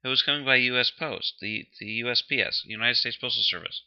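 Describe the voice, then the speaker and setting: A man's voice: medium pitch, fairly quick, clear, resonant tone. A man co-hosting a casual chat show, telling a story, laughing often and getting defensive when teased. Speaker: podcast co-host. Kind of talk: casual banter. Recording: dull lo-fi sound.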